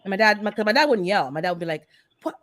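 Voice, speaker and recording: A woman hosting a gardening channel, chatting casually and telling a story with animated, heated energy. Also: medium pitch, very fast, dry recording. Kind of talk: casual chat.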